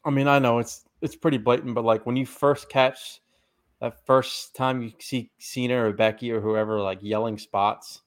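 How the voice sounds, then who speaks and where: Male podcast host, casual and rambling, mid-pitched, chewing while he talks. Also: fairly even intonation, moderate pace. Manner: rambling, restarts often, swears casually; eating while talking. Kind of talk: casual wrestling podcast chat.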